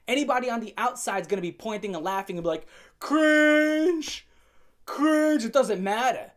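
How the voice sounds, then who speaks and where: A woman hosting an opinion rant to camera, blunt and profane with a sarcastic edge, pushing her points with sharp jumps in pitch and loudness. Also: racing. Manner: emphatic, swings up and down in pitch and loudness. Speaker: commentary channel host.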